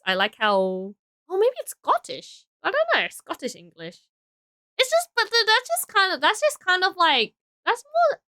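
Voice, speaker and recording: A woman's voice: sits high, pushed and bright, no room sound. A young woman streaming, chatting casually with viewers while building, rambling and correcting herself as she goes. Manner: rambling, unsure and self-correcting. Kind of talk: casual live-stream chat.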